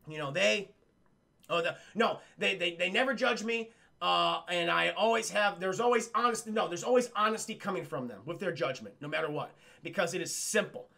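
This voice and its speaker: A man voicing an eccentric middle-aged man in a low, slow, earnest tone, with a gravelly edge. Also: bright, forceful tone, heavily acted.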